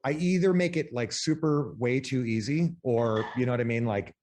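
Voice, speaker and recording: A man's voice: medium pitch, normal speed, a little mellow. A man co-hosting a podcast in casual chat, joking and swearing freely. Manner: joking, loose and profane. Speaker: podcast co-host.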